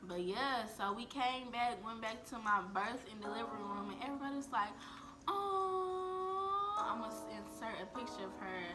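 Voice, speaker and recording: A woman's voice: fairly high pitch, brisk, few pauses. Candid, cussing young woman vlogger. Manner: candid, profane, chatty, addresses viewers as y'all. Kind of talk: casual storytime. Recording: music playing clearly behind.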